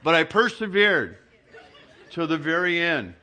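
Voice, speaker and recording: Male pastor, bright voice, conversational preacher who pokes fun at himself. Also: on the high side, big pitch swings, a little slow, some chatter behind. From Southern California. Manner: conversational storyteller, self-mocking humor. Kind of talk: sermon with humorous personal anecdotes.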